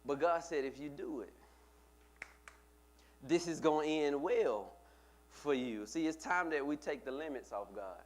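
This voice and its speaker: A man's voice: fairly high pitch, unhurried, long pauses. A man, a pastor, preaching a conversational sermon to his congregation, often repeating words and calling out to people in the pews.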